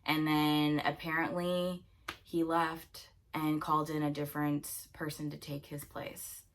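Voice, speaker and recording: Young woman, twenties, low-pitched, casual animated storyteller. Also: a little slow. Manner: chatty, animated, breaks into laughter. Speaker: vlogger.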